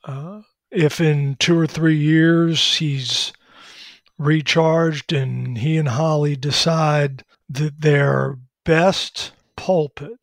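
Man, sports talk analyst, gravelly, dry close sound, measured detail-heavy delivery. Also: a little high, no echo. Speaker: college football analyst.

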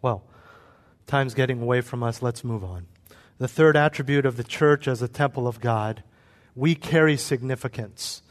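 A man's voice: mid-range voice, normal speed, long reverb tail. A man preaching a sermon as pastor, acting out quoted voices along the way.

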